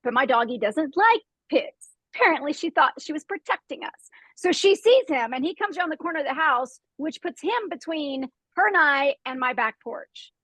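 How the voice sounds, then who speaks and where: Woman, high voice, dry close sound, lively storyteller, laughs a lot, host. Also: moderate pace, no room sound, low-quality recording. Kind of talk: animated storytelling in a group chat.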